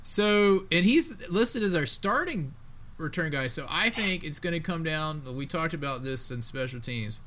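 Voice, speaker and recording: A man with a bright, somewhat high voice co-hosts a casual football chat. He talks emphatically and excitably, with plenty of slang. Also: a little slow. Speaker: podcast co-host.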